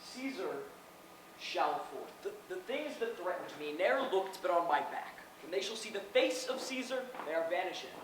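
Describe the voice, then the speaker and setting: A man's voice: high voice, sing-song, moderate pace, a bit bright. A man playing Caesar, a proud and defiant Roman ruler in an outdoor stage play, declaiming boastfully. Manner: boastful, declamatory, talks of himself by name. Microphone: far camera. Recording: distant, echoey open-air stage recording with noise.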